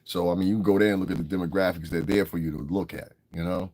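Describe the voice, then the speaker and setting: Very deep-voiced, blunt, profane New man. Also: fairly even intonation, fast talker, darkish tone, no echo. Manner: blunt, profane, laughs often, answers chat. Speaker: livestream host. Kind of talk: casual livestream commentary.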